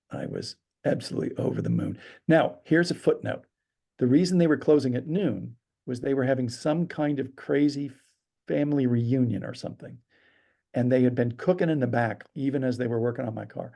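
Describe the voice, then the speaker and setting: Man, storyteller, gravelly, mellow tone, acts out quotes. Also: mid-range voice. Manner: lively storyteller acting out quotes. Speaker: storyteller guest. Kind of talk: animated anecdote telling.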